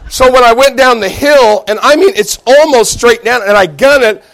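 A middle-aged pastor with a very high voice preaches a sermon at a moderate pace, animatedly telling a personal story. He shouts and laughs as he retells it, building toward emphatic lines that he repeats with rising force.

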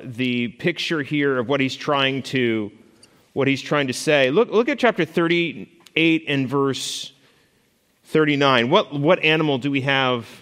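A man's voice: medium pitch, fairly bright tone, clear, resonant tone, long reverb tail. A man teaching a Bible study lesson to a class, talking conversationally with fillers and restarts and asking the group questions. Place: classroom or church hall with a board. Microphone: stationary mic he moves away from while walking.

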